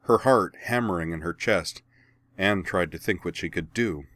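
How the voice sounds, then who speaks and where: Deep-voiced man narrating an audiobook. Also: dry recording, clean studio sound. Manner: steady, measured storytelling.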